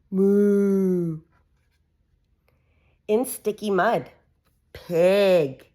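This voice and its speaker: Woman reading a picture book for a toddler, very slow and sing-song, animal noises, lively pitch. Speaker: reader for a child.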